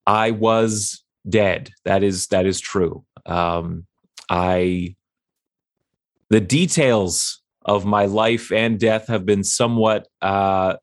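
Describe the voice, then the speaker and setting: A man's voice: low voice, fairly even intonation, slow pace, dry recording, clean studio sound. A young man playing a tabletop game, grumbling and joking in character. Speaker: player. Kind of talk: casual in-character game talk.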